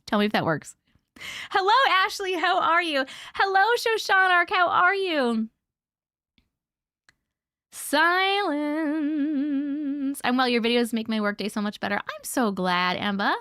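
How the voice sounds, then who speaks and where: In a high-pitched, animated voice with a sharp tone, a woman hosts a casual livestream, speaking slowly with long pauses. The audio is clean studio sound with no room noise, and she bubbly greets viewers by name while reading comments.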